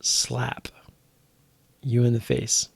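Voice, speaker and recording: A man's voice: medium pitch, monotone, extremely slow, gravelly, slight background noise. A young man, drunk, hosting a late-night live stream and teasing his chat viewers in a rambling way.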